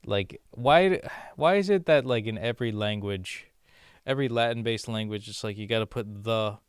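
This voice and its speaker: A man from the United States with a somewhat low, smooth voice talks through his language-app practice in loose, rambling asides. He leans on constant "like" fillers and sounds amused. The sound is dry and close. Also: normal speed, no echo. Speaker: vlogger learning a language. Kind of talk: casual commentary while doing app lessons.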